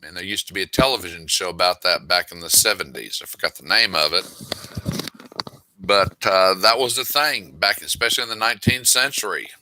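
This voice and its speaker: Bright-voiced man, wry and exasperated. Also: low-pitched, brisk. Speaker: author. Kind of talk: casual monologue reading emails aloud.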